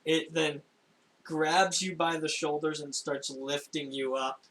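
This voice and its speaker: A young man narrating a tabletop game as game master, in a casual, halting way with frequent laughs. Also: on the high side, steady tone, a bit bright, rough recording. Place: home room, recorded for a stream.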